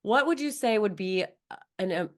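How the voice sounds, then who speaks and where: A woman's voice: medium pitch, expressive, moderate pace. A young woman hosting a podcast, chatty and loose, talking in a casual conversational way. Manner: chatty, loose, full of "like" fillers. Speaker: podcast host.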